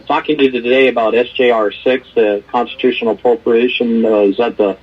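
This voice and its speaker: A man calls in to testify, earnest and firm, now and then tripping over his words. His voice is husky. The line sounds dull and lo-fi. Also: medium pitch, fairly even intonation, a little fast. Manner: earnest, firm, stumbling restarts. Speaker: caller testifying at a hearing. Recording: muffled phone line.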